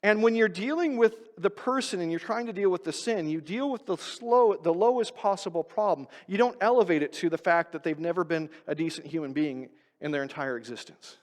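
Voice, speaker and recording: Man preaching a sermon, high voice, long church echo, goes loud then quiet n low. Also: a little fast, few pauses. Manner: emphatic preaching that swings between loud stresses and quiet, low asides. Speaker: pastor. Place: church sanctuary.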